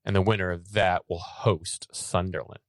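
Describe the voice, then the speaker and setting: A man's voice: low-pitched, flat delivery, normal speed, no room sound, clean studio sound. A man co-hosting a podcast, chatting enthusiastically about soccer with frequent restarts. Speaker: podcast co-host. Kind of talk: casual sports chat.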